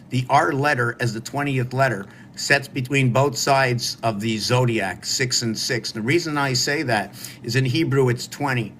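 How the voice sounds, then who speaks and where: A man's voice: mid-range voice, fairly bright tone, slight background noise. A man hosting a solo livestream, musing aloud in a wandering way and talking to his viewers. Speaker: livestream host. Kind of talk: rambling solo livestream talk.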